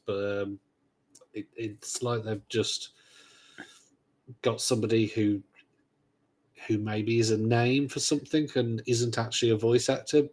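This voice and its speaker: A man's voice: fairly low pitch, a little mellow. A man, co-hosting a gaming podcast in casual chat, rambling with dry, sarcastic humor. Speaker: podcast co-host.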